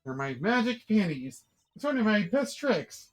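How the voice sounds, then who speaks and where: A streamer putting on a bubbly teenage girl magician, pitched up high and full of teasing sing-song. She is playful and pleased with her own tricks, and faint music runs behind her. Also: big pitch swings, moderate pace, lightly acted. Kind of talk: voicing game dialogue on a live stream.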